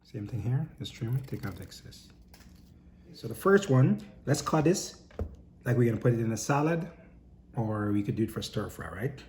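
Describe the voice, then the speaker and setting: A lowish-voiced man walks viewers through a home kitchen task in a loose, chatty way. He keeps checking in with his audience as he goes. A faint hiss sits under the recording. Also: big pitch swings, moderate pace, darkish tone. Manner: chatty, instructive, tags lines with "okay?" and "right?". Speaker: home cooking instructor. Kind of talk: casual cooking demonstration.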